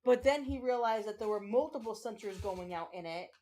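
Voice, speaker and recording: Woman streamer talking to chat while she plays, rambly, lots of um's and restarts, middle pitch. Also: fairly quick, mellow. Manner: chatty, rambling with many fillers and restarts; emotional, tearful thanks to viewers. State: tearing up. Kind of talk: casual livestream chat while gaming.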